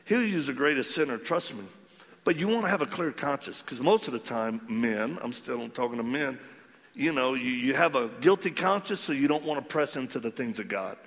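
A man preaching a storytelling sermon, animated and acting out the voices of the people in his story. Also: mid-range voice, moderate pace, long reverb tail. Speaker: ministry leader speaking to men.

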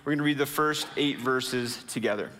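A man preaching a sermon as pastor. He speaks earnestly, slowing down and dropping low to stress key lines. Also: a bit bright, long reverb tail.

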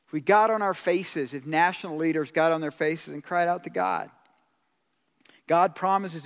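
A man preaching a sermon as pastor, impassioned and rising to loud exclamations. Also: high-pitched, brisk. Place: church sanctuary. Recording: long hall reverb.

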